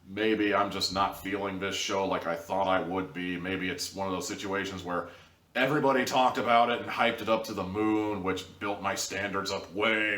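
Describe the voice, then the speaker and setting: A man's voice: sits low, fairly bright tone, roomy sound, distant mic. A man hosting a casual video review, rambling and wry in an easygoing way. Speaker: show host and reviewer.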